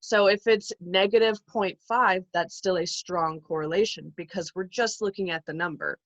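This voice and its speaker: A woman's voice: lowish voice, moderate pace, fairly bright tone, no echo. Woman lecturing in a dull, dry recording. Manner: explanatory, careful, frequent ums and restarts. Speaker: college psychology instructor.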